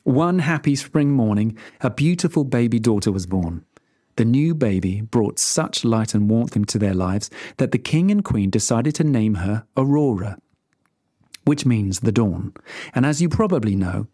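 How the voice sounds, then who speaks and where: Animated storybook narrator. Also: medium pitch, moderate pace, dry recording, studio quality. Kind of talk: storybook narration for English learners.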